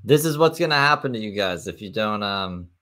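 A man's voice: fairly low pitch, lively intonation, fairly quick, pushed and bright. A man hosting a casual reaction commentary, mocking and swearing as he watches. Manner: mocking and profane. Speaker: host reacting to a video.

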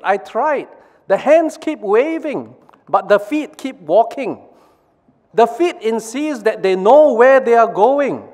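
A man's voice: sits high, in a large hall, voice pushed up. A man voicing a body's brain as a bossy, exasperated figure that scolds the other body parts. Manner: scolding, raised and strained.

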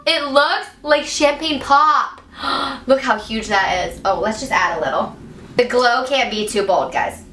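Her voice sits on the high side, animated and a bit bright, though her pace stays measured. This young beauty vlogger chats through an unboxing with breathless enthusiasm, gasping and gushing, captured in an echoey room by a distant mic with faint hiss.

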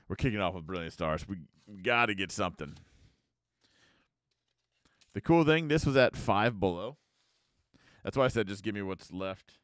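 Lively, low-voiced American man opening packs. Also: normal speed, pauses often, dry recording, clean studio sound. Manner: chatty, lively, muttering card names while opening packs. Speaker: YouTube card-opening host. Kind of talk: casual pack-opening commentary.

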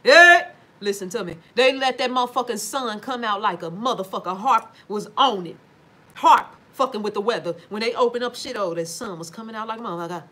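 A woman holds forth from home, speaking straight to her audience in a loose, emphatic monologue. She swears freely and leans hard on her points, her voice sitting a little high for a woman. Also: brisk, fairly bright tone. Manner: emphatic, swears freely, addresses viewers directly. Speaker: livestream talker reading viewer comments. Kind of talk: casual profane livestream monologue.

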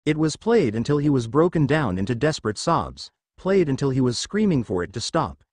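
A man reading fan fiction aloud as narrator, in a steady storytelling manner. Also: mid-range voice, fairly quick, no room sound.

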